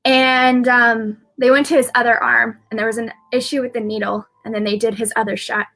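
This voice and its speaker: A woman's voice: on the high side, level tone, fairly quick, sharp tone, soft background music. A woman who works as an intuitive medium, telling a personal story on a live video in a rambling way, with many fillers and restarts.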